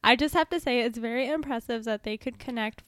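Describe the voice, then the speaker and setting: A high-pitched woman co-hosting a casual podcast, reacting to her partner's story with quips and laughter. Her voice sits bright and high. The recording is dry and close. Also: no echo. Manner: reactive, joking, quick to laugh. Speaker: podcast co-host.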